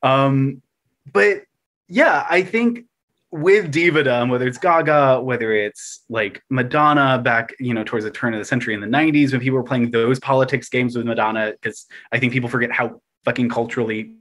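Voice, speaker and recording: Guy on a podcast talking fast and loose, lots of likes and swearing, goes loud then drops way down. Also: mid-range voice. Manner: animated, profane, many fillers and restarts; swings between loud emphatic bursts and dropping to quiet mockery. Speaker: guest. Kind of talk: casual podcast chat.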